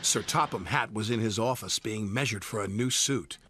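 A man narrating a children's train story in a lively read-aloud manner. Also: fairly low pitch, normal speed, slight background noise. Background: background music.

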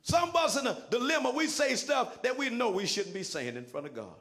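A man preaching a sermon as senior pastor, shouting in a sing-song cadence with folksy, colloquial phrasing. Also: very high voice, big pitch swings, fairly quick.

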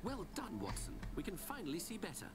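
An actor voicing a brisk, self-assured male detective in a video game, commanding and theatrical. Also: sits high, huge pitch swings, loud music behind the voice.

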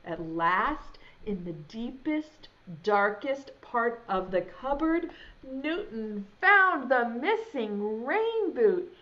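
Speaking very slowly in a slightly high voice, a young preschool teacher reads a picture book to small children and animatedly quizzes them. It's a video lesson recorded at home, and the audio comes across dull and lo-fi.

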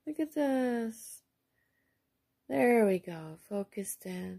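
A woman shows off her craft mail at home in an unhurried, intimate way. Her voice is low and husky with a gravelly creak, and she keeps her warm praise soft, often sinking to a near whisper. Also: animated. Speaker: craft vlogger showing received mail and shopping finds. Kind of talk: casual show-and-tell chat.

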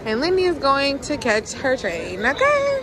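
A woman's voice: sits high, wildly swooping pitch, unhurried. A young woman vlogging on a handheld camera outdoors. She talks in a chatty, blunt way with casual swearing. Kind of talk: casual vlog narration. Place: outdoors on busy streets and hiking trails. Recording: crowd chatter and outdoor noise.

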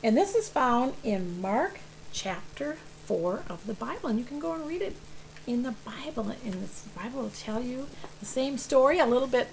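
A woman teaching children's church, telling a Bible story with animated emphasis and questions to the kids. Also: on the high side, moderate pace, gravelly, slight background noise, low-quality recording.

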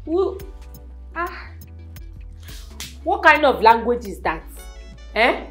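Woman as a strict Nigerian schoolteacher in a comedy skit, high sharp bright voice, mocking and scolding. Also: very animated, slow pace, soft background music, heavily acted. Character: strict, scornful female schoolteacher. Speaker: comedy sketch actor.

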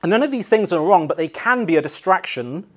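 A male pastor with an English accent delivers a brisk sermon with lively intonation. He swings between loud, acted-out cries and quiet, low emphasis.

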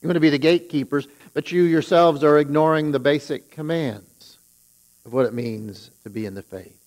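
A man's voice: fairly high pitch, moderate pace, a little mellow, low-quality recording. A man who is a pastor, preaching a sermon and retelling scripture with rising emphasis on its warnings.

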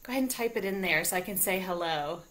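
A woman with a lowish, a bit bright voice talks at a quick pace with lively intonation. She teaches music to small children during a live sing-along stream from home, bubbly and coaxing, with a ukulele in the background.

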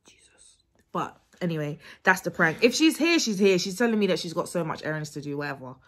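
A young woman with a London English accent talks casually to camera from home. Her voice is husky and slightly breathy. She rambles and restarts her sentences as she chats. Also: fairly low pitch, sing-song, a little fast, fairly bright tone. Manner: chatty and rambling, with frequent restarts and laughter. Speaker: vlogger. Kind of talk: casual vlog chat to camera.

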